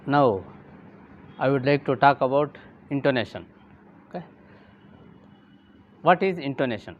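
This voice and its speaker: A man giving a lesson, speaking deliberately, repeating key terms and saying "okay" often. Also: medium pitch, expressive, lo-fi sound, a little hiss or hum. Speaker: English teacher. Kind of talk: classroom lecture.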